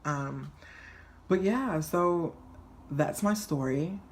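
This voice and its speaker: A man in his twenties telling a personal story on his vlog in a chatty, flamboyant and animated way. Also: fairly high pitch, extremely slow, a little hiss or hum. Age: 20s. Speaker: vlogger.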